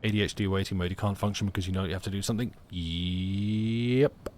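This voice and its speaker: A young man talks over a narrative game in a loose, rambling way. He jokes and restarts his sentences, in a slightly low voice. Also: fairly even intonation, brisk, darkish tone, slight background noise. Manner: rambling, joking, many restarts. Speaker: streamer. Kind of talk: casual game commentary.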